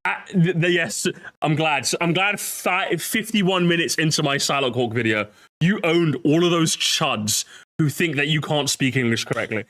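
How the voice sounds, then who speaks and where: A young man streaming, reacting to a video with excitable, mocking commentary, laughing often and swearing. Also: on the high side, normal speed.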